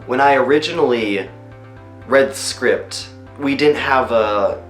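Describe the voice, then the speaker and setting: Chatty voice actor in an echoey room. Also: male voice, medium pitch, a little slow. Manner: chatty, full of ums and you-knows. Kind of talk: behind-the-scenes interview. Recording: roomy room echo. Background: faint music.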